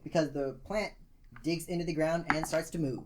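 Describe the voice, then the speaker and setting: A man narrating and ruling as game master in a tabletop game, pausing with fillers. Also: a little high, fairly even intonation, background noise. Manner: hesitant, lots of fillers while ruling.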